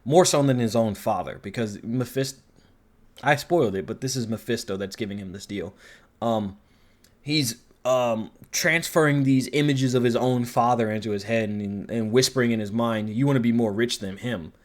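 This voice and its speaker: A man in casual review commentary, rambling along with frequent swearing. His pitch sits mid-range and he jumps between excited and deflated. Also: moderate pace. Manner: rambling, profane, animated.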